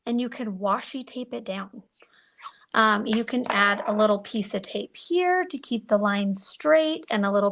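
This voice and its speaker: A woman with a slightly high voice and a gravelly fry runs a live card-making demo. She chats to her viewers as she works and pokes fun at her own methods. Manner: chatty, self-deprecating, talks to viewers while working.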